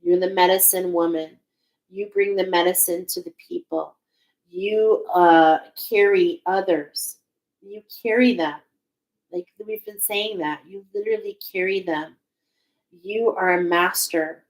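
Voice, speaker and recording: A woman with a lowish voice does a spiritual oracle card reading. She speaks very slowly, searching for words and restarting often, with an emotional, wondering tone. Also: steady tone, low-quality recording.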